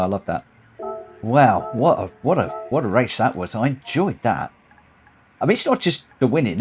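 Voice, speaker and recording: A man live-streaming a racing game, tired, chatting excitedly through races and reading out the results. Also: mid-range voice. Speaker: live-stream host and sim racer. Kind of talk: live gameplay commentary.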